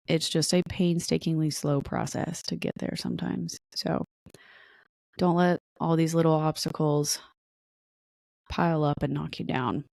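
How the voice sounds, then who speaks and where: In a casual solo podcast monologue, a young woman with a low, creaky, mellow voice is candid and rambling, laughing at herself before offering an encouraging pep talk. The recording is dry and studio quality.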